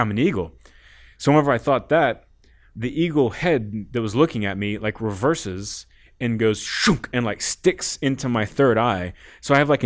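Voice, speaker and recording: A man guest on a podcast, telling a rambling story in casual talk, often laughing and swearing. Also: medium pitch.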